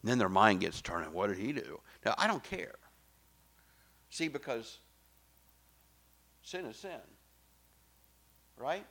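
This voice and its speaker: A middle-aged male pastor preaching a sermon, emphatic and swinging from soft, low asides to loud exclamations. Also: very animated, slow, pauses often.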